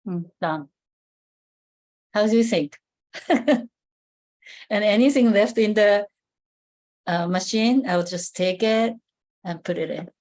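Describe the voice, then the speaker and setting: A woman giving a live skincare demonstration over a video call, explaining step by step in a halting way with many fillers and restarts. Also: mid-range voice, a little mellow.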